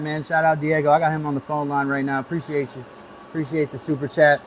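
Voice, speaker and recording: A man's voice: a little high, little pitch movement, quick pace, slight background noise, poor audio. A man hosting a casual live stream, rambling easily as he gives hands-on tips and chats with viewers. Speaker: livestream host.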